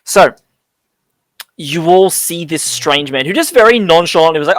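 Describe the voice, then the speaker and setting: A man's voice: fairly high pitch, expressive, normal speed, fairly bright tone, no room sound, rough recording. A young Australian man running a tabletop game as dungeon master, hesitant and full of ums. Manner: hesitant, lots of ums, hums tunes.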